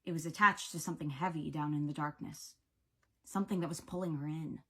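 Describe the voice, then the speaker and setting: Husky woman reading a story aloud. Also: low voice, fairly even intonation, fairly quick, pushed and bright. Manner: dramatic, varied pacing. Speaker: audiobook reader. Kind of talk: expressive book narration.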